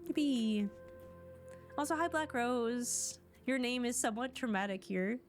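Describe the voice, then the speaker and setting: A woman's voice: a little high, a little slow, faint music behind. Playful woman streamer chatting. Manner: playful, chatty, teasing remarks to chat. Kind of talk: casual gameplay commentary.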